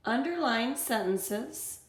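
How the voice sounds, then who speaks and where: A woman's voice: fairly high pitch, animated, slow, roomy sound. A woman teacher walking children through a reading worksheet, reading passages aloud and explaining them step by step.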